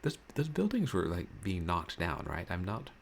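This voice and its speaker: A man streaming a dating game, dropping dry, quiet asides between lines of dialogue. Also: sits low, wildly swooping pitch, normal speed, creaky. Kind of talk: casual game commentary. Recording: game music behind the voice.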